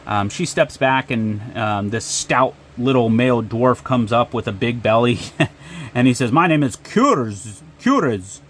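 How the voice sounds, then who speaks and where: A man's voice: medium pitch, fairly even intonation, a little slow. A man narrating and running a solo tabletop game with frequent ums and uhs. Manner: hesitant, lots of ums and uhs.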